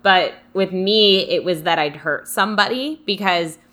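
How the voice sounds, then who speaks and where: A woman's voice: medium pitch, a little slow, fairly bright tone. A young adult woman co-hosting a casual live chat, rambling and reflective, with lots of fillers. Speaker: co-host reading live comments.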